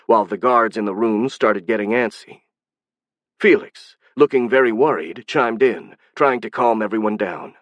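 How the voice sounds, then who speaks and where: Steady male audiobook narrator, dry sound. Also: lowish voice, normal speed, no room sound. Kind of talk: scripted narration.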